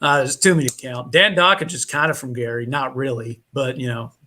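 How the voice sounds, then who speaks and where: A man's voice: medium pitch, fairly even intonation, brisk, sharp tone. A man from Indiana, a podcast guest on a remote call, telling a story in a rambling, casual way with many fillers and restarts.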